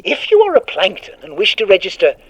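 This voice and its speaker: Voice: medium pitch, wildly swooping pitch, fairly quick, husky, no echo, dull audio, voice pushed up. A storyteller voicing a strange, bubbly automated hotline that recites options formally, sounding far off like a phone. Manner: bubbly, formal, recorded-message tone.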